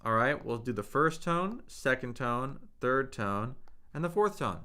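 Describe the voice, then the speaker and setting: Leading a live-streamed Mandarin lesson, a man patiently stretches out his tone drills slowly and responds to questions from the chat. His mid-range voice is bright and forceful, with lively intonation.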